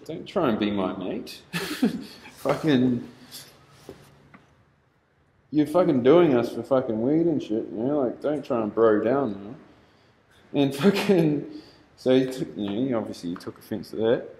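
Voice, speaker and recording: A man's voice: mid-range voice, a little slow, pauses often, dark tone, a little hiss or hum. A young man casually telling stories, laid-back and swearing constantly. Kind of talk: casual storytelling. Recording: roomy echo.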